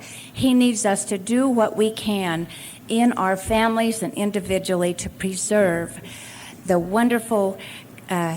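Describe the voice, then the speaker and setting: A woman's voice: mid-range voice, slight background noise. Older woman telling folksy stories at a podium. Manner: folksy storytelling with occasional laughs. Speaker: convention speaker. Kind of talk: speech with anecdotes to an audience. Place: convention hall at a college.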